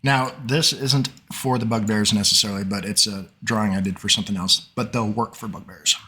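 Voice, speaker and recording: A man's voice: fairly low pitch, fairly even intonation, bright, forceful tone. Coughing man narrating as game master. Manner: halting, with frequent fillers and coughs. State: coughing, sore throat. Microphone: desk mic, online session.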